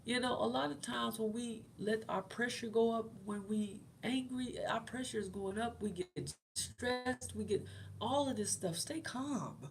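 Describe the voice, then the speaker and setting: A woman's voice: a little high, measured pace, slight background noise. A middle-aged woman hosting her own channel, talking casually and encouragingly about faith to her viewers and often repeating her points. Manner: conversational and encouraging, repeats phrases. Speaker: host.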